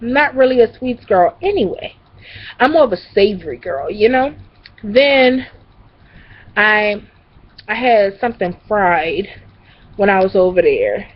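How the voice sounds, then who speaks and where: A woman's voice: mid-range voice, lively intonation, measured pace, pauses often. A young woman telling a casual story to her camera, rambling and profane, with lots of fillers. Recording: dull lo-fi recording.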